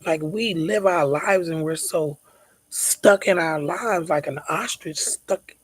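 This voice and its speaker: A woman's voice: low-pitched, slow, husky, no echo, low-quality recording. Mom venting on her vlog, emphatic, repeats stuff, goes whispery sometimes, dry close sound. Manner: emphatic, repeats words for stress, drops to near-whispers. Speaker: mother vlogging about her child's diabetes.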